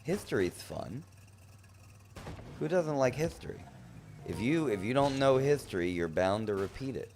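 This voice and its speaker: A man's voice: medium pitch, lively intonation, normal speed, long pauses, darkish tone, slight background noise. A man casually commentating his own gameplay on a live stream, playfully teasing his chat. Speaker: gaming streamer.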